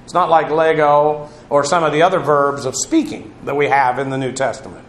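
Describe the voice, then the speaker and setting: A man's voice: on the high side, flat delivery, fairly quick, echoey room, a little hiss or hum. A man teaching through a Bible passage verse by verse, in a conversational, digressive way with asides on Greek grammar.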